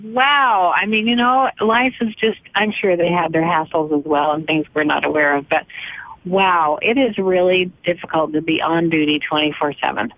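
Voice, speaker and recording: A grandmother co-hosts a radio chat in a slightly low voice, telling family stories with lively energy. Her sound is dry and close, and it is squeezed into a narrow, phone-like band. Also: moderate pace, no room sound. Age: older. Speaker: radio show co-host.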